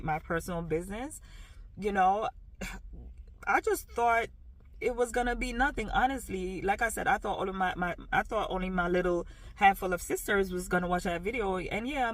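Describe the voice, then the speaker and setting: A woman's voice: mid-range voice, no room sound. A woman with a light Jamaican accent, talking frankly and emphatically in a personal vlog, with many "you know" fillers. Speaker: vlogger.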